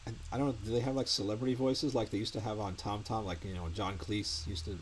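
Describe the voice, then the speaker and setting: Halting male interview host, faint hiss. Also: lowish voice, fairly even intonation. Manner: halting, hesitant delivery, relaying chat comments. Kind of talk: casual interview chat.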